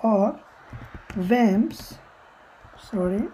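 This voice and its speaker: A woman's voice: medium pitch, takes it slowly, dark tone, a little hiss or hum, low-quality recording. A woman teaching a language lesson step by step, patiently repeating each example and translating it, sometimes correcting herself.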